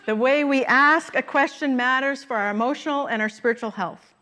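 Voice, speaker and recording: A middle-aged woman preaches in a relaxed, conversational way, pausing to laugh at her own anecdotes. Her voice sits a little high. It is a Sunday talk in a church sanctuary. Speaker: minister. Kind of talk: sermon.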